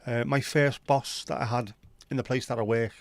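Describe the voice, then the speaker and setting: Male stream host, mid pitch, dry close sound, loose sweary banter. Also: steady tone, normal speed, gravelly, dry recording. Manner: chatty, sweary, banter-filled. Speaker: livestream host. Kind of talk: casual chat reading viewer comments.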